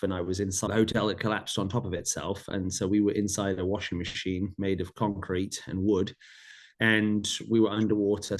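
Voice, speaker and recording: Low-voiced middle-aged man telling his story. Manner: earnest, vivid retelling with repeated phrases. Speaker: podcast guest. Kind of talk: personal storytelling in an interview.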